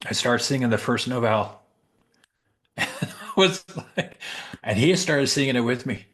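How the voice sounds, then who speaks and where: A middle-aged man who works as a Santa, telling a heartfelt story with pauses, restarts and emotion. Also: medium pitch, lively intonation, fairly bright tone. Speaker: professional Santa performer. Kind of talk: heartfelt storytelling in a group chat.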